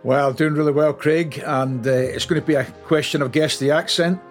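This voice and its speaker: A Scottish man in his sixties, a podcast guest, speaking warmly and reflectively about family. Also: a little high, fairly even intonation, moderate pace, soft background music. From Scotland. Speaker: training director, guest. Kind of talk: casual interview chat.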